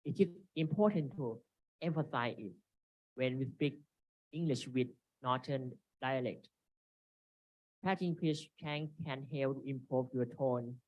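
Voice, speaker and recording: Halting man presenting a seminar. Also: mid-range voice. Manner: halting, reads from slides with frequent restarts. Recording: dry, dull lo-fi recording.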